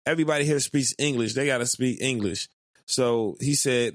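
A man co-hosting a podcast, swearing often, laughing a lot and rushing his words in casual chat. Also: medium pitch, dry recording, studio quality. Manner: profane, laughs a lot, fast bursts. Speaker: podcast co-host.

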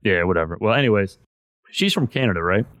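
A man's voice: on the low side, animated, fast, fairly bright tone, no room sound. A man hosting a podcast in casual chat, loose and profane, saying "man" all the time. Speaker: podcast host.

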